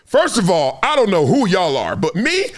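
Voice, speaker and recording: A middle-aged podcast host holds forth in a casual sports commentary monologue on a talk show. His high voice makes huge pitch swings as he argues his points at a moderate pace, repeating words for emphasis and laughing throughout.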